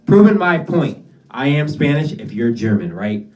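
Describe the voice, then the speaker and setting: A man's voice: mid-range voice, sing-song, moderate pace, darkish tone, recorded from a distance. A young man doing his first stand-up set, telling rambling, profane stories in a casual way. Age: young adult. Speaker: stand-up comedian. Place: small basement venue.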